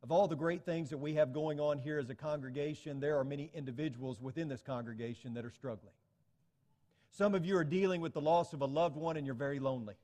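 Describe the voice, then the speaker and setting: A man's voice: on the high side, fast, warm tone, in a large hall. A man preaching a sermon to his congregation, earnest and telling stories to illustrate his points. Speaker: pastor.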